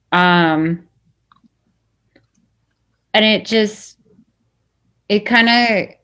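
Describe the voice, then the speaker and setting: A woman co-hosting a casual review show who tells things chattily, with lots of "like" fillers. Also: medium pitch. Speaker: podcast co-host.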